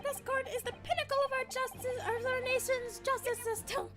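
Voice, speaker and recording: A woman's voice: very high-pitched, steady tone, fairly quick, music in the background, voice pushed up. A woman voicing a pompous male judge, making grand courtroom proclamations. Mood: grandiose.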